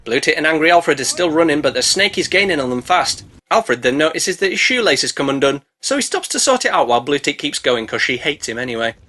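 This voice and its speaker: A man's voice: fairly high pitch, big pitch swings, fast, hardly any pauses, background noise. A man narrating a comedic movie recap, sarcastic and mocking, swearing freely.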